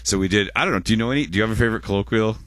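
A man's voice: lowish voice, racing, a bit bright, no room sound, studio quality. A Canadian man in his forties hosting a radio show in casual chat, rambling and restarting his words, often chuckling.

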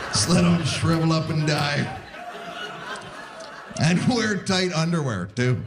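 A man in his forties from Canada performs stand-up with a lively, swooping delivery. His voice sits a little high, and he keeps slipping into the people he quotes. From Saskatoon, Canada. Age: 40s. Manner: animated, acting out quoted voices. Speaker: stand-up comedian. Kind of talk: live stand-up set.

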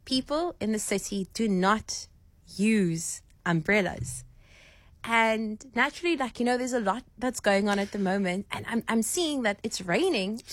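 A woman from Cape Town co-hosting a casual radio chat, lively and jokey. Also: mid-range voice, a little slow, no echo. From Cape Town, South Africa. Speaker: radio co-host.

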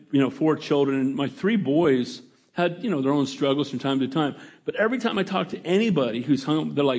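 A man's voice: on the high side, a little mellow. A middle-aged man preaching a sermon in a conversational way, often asking the congregation for an amen. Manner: conversational, calls for amens. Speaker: pastor.

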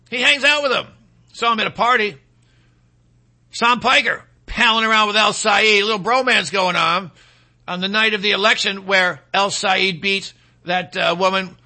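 A man with a high voice and a piercing, very bright edge hosts a political talk show. He rambles, repeats himself for emphasis and slips into sarcasm, riffing loosely from one point to the next. He is from Michigan. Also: vocal fry.

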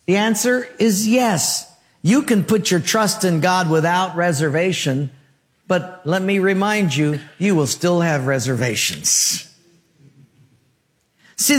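A man preaching a sermon with a noticeably high voice for a man. He moves between story and exhortation and asks his congregation questions as he goes, and the voice carries an animated, lively delivery. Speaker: pastor.

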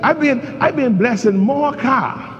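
A male pastor preaching a sermon, leading his congregation through a reading and swinging between shouting peaks and low asides. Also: unhurried. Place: church sanctuary. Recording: dull reverberant church recording with faint noise.

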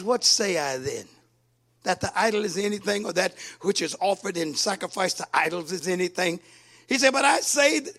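Fervent high-voiced male preacher. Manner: fervent, rises to shouts and sing-song cadences. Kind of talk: sermon.

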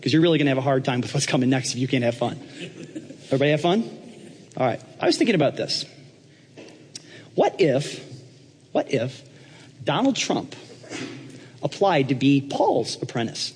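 A man's voice: medium pitch, very animated, moderate pace, long pauses, a little mellow, a little hiss or hum. A man preaching a humorous sermon in a church, talking conversationally and checking in with the congregation. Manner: joking, conversational, checks in with the audience. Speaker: pastor. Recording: reverberant church hall.

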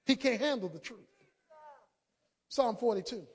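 A man preaching a sermon. He drops to quiet asides and then builds to shouted emphasis, acting out quoted voices. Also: extremely high pitch, animated, unhurried, husky. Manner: dramatic, acts out quoted speech.

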